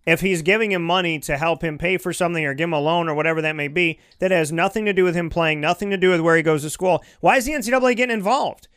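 A smooth, clear male voice sits fairly high for a man as he hosts a sports talk show from his studio microphone. He argues in an animated, rambling way, full of restarts and "you know"s. The sound is dry and close. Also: fast, few pauses, no echo. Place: home studio.

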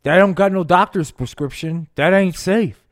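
A man's voice: high voice, moderate pace, no room sound, studio quality, voice pushed up, lightly acted. A man voicing a laid-back, stoned male rock-and-roll king who talks in drawling slang. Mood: cautious.

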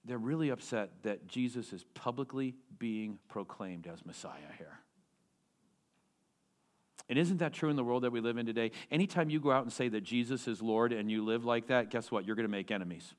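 A male pastor delivering a sermon in an animated way, using rhetorical questions and repeating key phrases for emphasis. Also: mid-range voice, normal speed.

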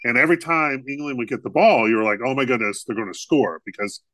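A man's voice: medium pitch, fast talker, fairly bright tone, dry recording. A man co-hosting a podcast in casual comedic chat, rambling and laughing often. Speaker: podcast co-host.

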